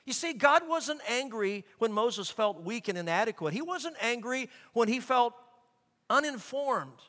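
A middle-aged man preaching a sermon as pastor, animated, acting out quoted voices. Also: very high voice, measured pace. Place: large church sanctuary. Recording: long reverb of a large hall.

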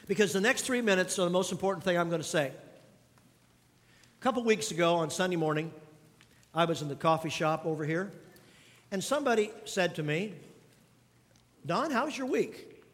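A man's voice: high-pitched, brisk, long pauses, fairly bright tone, in a large hall. A man preaching a sermon as pastor, driving points home by repeating key lines and putting questions to the congregation. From grew up on a farm. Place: church sanctuary.

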